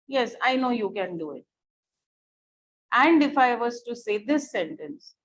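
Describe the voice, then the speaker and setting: A woman with an Indian English accent teaching an online English class, repeating each phrase slowly for students to underline. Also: sits high. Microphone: computer or headset mic on a video call. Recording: dull lo-fi online call audio.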